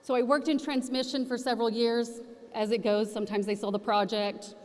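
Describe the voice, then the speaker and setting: A woman's voice: fairly high pitch, a little fast. Folksy woman speaker in hall. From Oklahoma, USA. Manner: folksy, animated storytelling with acted-out quotes. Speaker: featured speaker. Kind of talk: storytelling presentation. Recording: reverberant hall.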